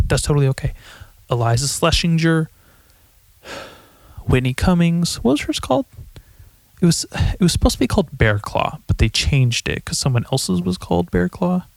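A young man hosts a solo podcast in a loose, profane ramble, often catching and correcting himself. His voice has a gravelly fry, and it sits in a dry, dead room. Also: mid-range voice, normal speed, darkish tone, no echo. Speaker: podcast host.

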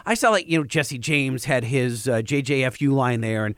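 A man's voice: medium pitch, normal speed, a bit bright, no echo, clean studio sound. A man hosting a podcast in casual chat, teasing and pushing his co-host with questions. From California.

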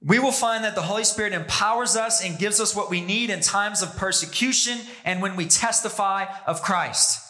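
Man, pastor, emphatic sermon, higher voice, bright tone. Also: normal speed, hardly any pauses. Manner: emphatic, varies pitch and pace for emphasis.

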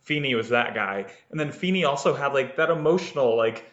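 A man's voice: mid-range voice, animated, a little fast, fairly bright tone, roomy sound. Podcast co-host, male, casual and rambling, slightly lo-fi recording. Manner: rambling, lots of "like", laughs often. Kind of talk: casual chat. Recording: slightly dull lo-fi sound.

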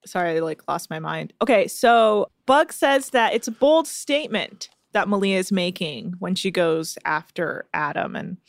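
A woman co-hosts a podcast, retelling the story with a lively, up-and-down voice and quick laughs. The recording is dry and close. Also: lowish voice, vocal fry, no room sound. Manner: animated storyteller, laughs often. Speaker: podcast co-host. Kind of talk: casual chat recapping a reality show.

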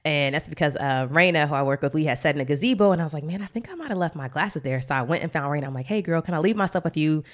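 A woman in her thirties, co-hosting a podcast, telling a faith story in animated, casual chat. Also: low-pitched, racing, few pauses. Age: 30s. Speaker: podcast co-host.

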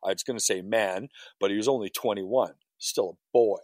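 A man's voice: lowish voice, moderate pace, a little mellow, dry recording. A firefighter being interviewed, telling his story in a raw, emotional way with frequent swearing. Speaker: firefighter guest. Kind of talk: personal story on a podcast.

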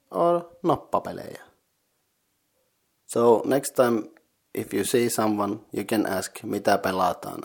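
A man hosting a podcast, teaching game words slowly, syllable by syllable, while sitting in an unheated sauna. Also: lowish voice, a little mellow. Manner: slow, careful syllable-by-syllable pronunciation. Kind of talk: casual language lesson.

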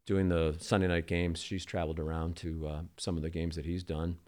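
A middle-aged man from the Boston area talks as a guest on a casual interview, with a fairly low voice. He rambles through anecdotes, pausing on frequent ums. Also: level tone, a little mellow. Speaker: sportscaster guest.

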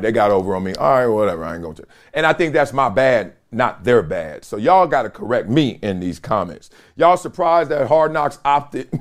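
Middle-aged guy doing solo sports talk, slangy, laughs a lot, voice jumps all over, kinda high. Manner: animated, slangy, laughs often, talks to viewers. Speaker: sports commentary host. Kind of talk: casual solo sports commentary.

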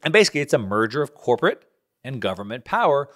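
A middle-aged man hosting a show, talking off the cuff in a rambling, animated way. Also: mid-range voice, fast. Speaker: show host. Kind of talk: casual solo commentary.

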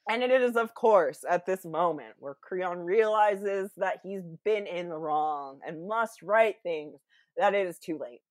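A woman guesting on a podcast retells a story casually, packing in fillers and playfully voicing quoted lines. Her fairly low voice is animated, with a measured pace. There's no echo.

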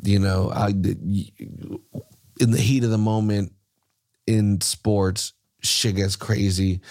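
Low-voiced man, podcast host, loose profane rants with sudden pitch jumps. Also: dark tone. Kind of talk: casual profane commentary.

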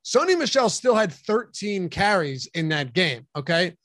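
High-voiced man arguing fantasy picks. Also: big pitch swings, moderate pace, a bit bright, no echo, clean studio sound. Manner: emphatic, argumentative. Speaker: co-host. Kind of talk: fantasy football analysis chat.

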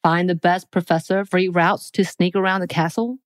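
A podcast co-host with a lowish voice and flat delivery reads quiz questions aloud, playfully joking along and rattling off the options in quick lists. There's no echo.

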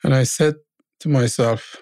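Gravelly middle-aged man telling his story. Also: mid-range voice, steady tone, darkish tone, no echo. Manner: halting, repeats words, acts out quoted voices. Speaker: storyteller recalling his immigration. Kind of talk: casual spoken memoir.

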